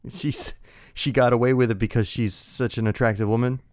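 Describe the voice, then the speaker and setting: A man's voice: medium pitch, steady tone, fairly quick, a little mellow, no echo, studio quality. A man hosting a comedy podcast, playing straight man with playful questions and frequent laughs. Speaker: podcast host.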